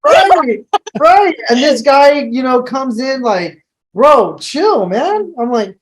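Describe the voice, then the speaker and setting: A man's voice: very high-pitched, lively intonation, slow, rough recording. A man, a podcast guest, telling a story in a laid-back, joking way and swearing freely.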